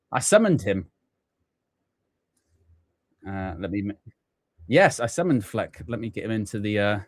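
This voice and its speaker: A man's voice: medium pitch, no echo, clean studio sound. A man hosting a live football fan watchalong, chatting and thinking aloud as he sets up his stream. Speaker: fan channel host.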